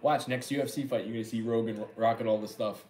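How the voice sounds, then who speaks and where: A man's voice: on the low side, steady tone, quick pace, darkish tone, faint music behind. A young man with a New York accent talks casually on a livestream. He rambles, restarts his sentences and jokes with his viewers. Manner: rambling, joking, repeats words. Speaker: livestream eating host. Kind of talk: casual chat reading viewer comments.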